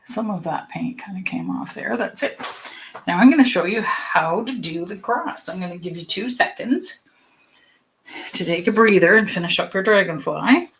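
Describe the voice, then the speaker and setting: A woman's voice: mid-range voice, animated, moderate pace, fairly bright tone, a little hiss or hum, rough recording. A woman leading a casual live painting lesson, chatty and reassuring, rambling through asides with plenty of ums and likes. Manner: reassuring, encouraging. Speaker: painting instructor.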